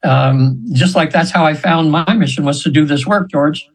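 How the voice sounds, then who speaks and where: A man in his seventies, a hypnosis practitioner, telling stories in a chatty, rambling way with laughs and quick high voices for the people he quotes. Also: slightly rough, rough recording. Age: 70s. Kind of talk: storytelling in an interview.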